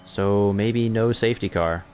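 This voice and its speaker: A young man commentates an online racing league in a chatty way, correcting himself as he goes and livening up during battles on track. His voice sits fairly low and comes a little slow, with a darkish tone and a faint hiss or hum in the background.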